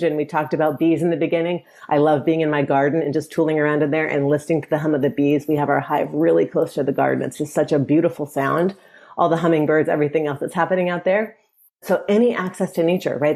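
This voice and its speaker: A woman author being interviewed on a podcast, speaking in a calm, reflective and gently instructive way. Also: low-pitched. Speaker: author and guest.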